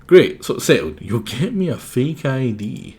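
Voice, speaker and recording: Man putting on a pushy, wheedling lady customer, lively husky voice, game voiceover. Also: medium pitch, moderate pace. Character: pushy woman bank customer.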